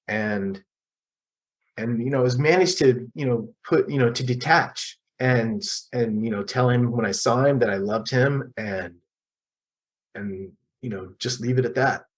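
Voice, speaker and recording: A man's voice: medium pitch, rough recording. Middle-aged guy sharing at a support meeting, lots of ums and restarts, honest. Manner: halting, many restarts and ums, candid. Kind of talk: personal recovery share.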